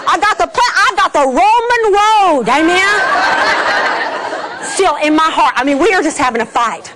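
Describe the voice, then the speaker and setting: A middle-aged woman telling a personal faith story to an audience, animated and laughing, acting out the scenes. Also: extremely high pitch, normal speed, over a noisy crowd, heavy background noise. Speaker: speaker.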